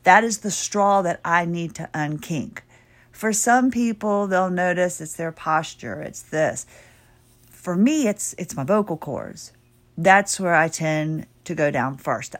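A middle-aged woman hosting her own podcast, chatty and rambling with sudden excited bursts, while her voice is giving out. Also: on the low side. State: losing her voice. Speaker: podcast host. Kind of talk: casual solo podcast talk.

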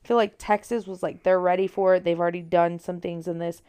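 A woman's voice: on the low side, fairly even intonation, quick pace, warm tone, clear, resonant tone. A woman chatting casually on a podcast, adding agreeing fillers and sometimes searching for the right word. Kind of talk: casual chat.

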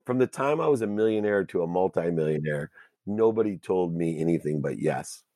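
A man telling a personal story as an interview guest, earnest and emotional, with halting restarts. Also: deep voice, lively intonation, mellow, no room sound, studio quality.

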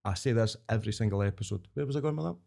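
Racing along in a fairly low, creaky voice, this Scotsman entertains as a podcast guest, performing voices in his lively stories and laughing frequently through the casual conversation.

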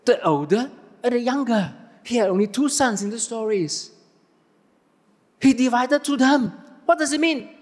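A man's voice: very high voice, normal speed, in a large hall. A man preaching a sermon, firing questions at the congregation and answering them himself. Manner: animated, asks the audience questions and answers them.

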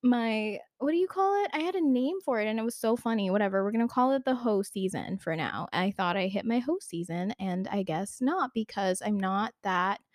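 A woman's voice: medium pitch, animated, moderate pace, hardly any pauses, no room sound, clean studio sound. A young woman talking frankly to the camera in a casual question-and-answer vlog, full of "like" and little laughs. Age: young adult. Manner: chatty, filler-heavy with "like", giggly, frank. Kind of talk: candid casual Q&A monologue.

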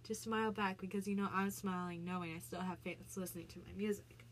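A woman's voice: mid-range voice, steady tone, fast, a little hiss or hum. A woman talking casually as a vlogger, explaining the meaning of song lyrics with many fillers and restarts. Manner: chatty, frequent "like" fillers and restarts.

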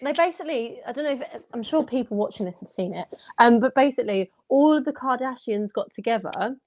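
A woman's voice: fairly high pitch, lively intonation, a little fast. A woman from England co-hosting a casual podcast chat, bubbly and confident, rambling as she talks. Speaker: podcast co-host. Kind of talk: casual group chat on a video call.

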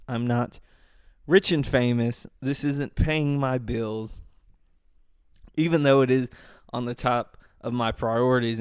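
A man's voice: mid-range voice, clean tone, no room sound. A man hosting a solo podcast, rambling casually into a close microphone, swearing freely and breaking into rants. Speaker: podcast host. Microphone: microphone close to mouth.

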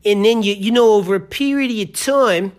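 A man's voice: sits high, big pitch swings, a little slow, breathy edge, full character voice. A man putting on a boastful gambler with a vague accent.

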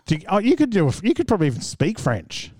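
A man's voice: high-pitched, wildly swooping pitch, quick pace, mellow, dry recording. An Australian man co-hosting a podcast, chatting casually, laughing often and trailing off mid-sentence. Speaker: podcast co-host. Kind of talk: casual chat.

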